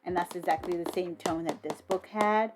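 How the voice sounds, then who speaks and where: A woman giving a casual, enthusiastic book review, swearing freely and filling pauses with ums and restarts. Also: lowish voice, noisy background. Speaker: book vlogger.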